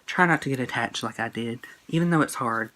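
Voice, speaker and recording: A man's voice: mid-range voice, a little fast, pushed and bright, a little hiss or hum, poor audio. A young man vlogging a personal breakup story to his phone camera, earnest and emotional, rambling with fillers and quoted texts. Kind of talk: casual storytime monologue.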